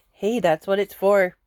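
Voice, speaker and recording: A woman's voice: mid-range voice, a little mellow, no echo, clean studio sound. A woman vlogging at home in a casual, rambling way, chuckling often as she talks. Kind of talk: casual chat to camera.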